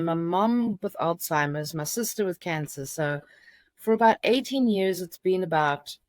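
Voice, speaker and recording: Middle-aged woman, lowish voice, halting and restarting as she tells her story, dry sound. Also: no echo. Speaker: interview guest. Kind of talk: personal story in an interview.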